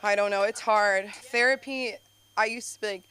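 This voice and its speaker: A young woman doing an open mic stand-up set, rambling and chatty with lots of fillers, sometimes jumping into high excited bursts. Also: moderate pace. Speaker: stand-up comedian. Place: comedy club stage.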